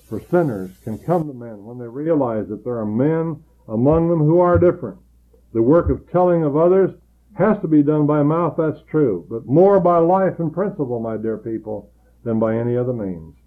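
A man preaching a sermon, earnestly building emphasis and then dropping low and quiet to tell a personal story. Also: rough recording.

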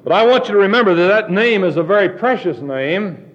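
A man preaching a sermon, reading scripture aloud slowly and deliberately. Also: high-pitched, lively intonation, a bit bright. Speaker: pastor. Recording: dull lo-fi sermon recording.

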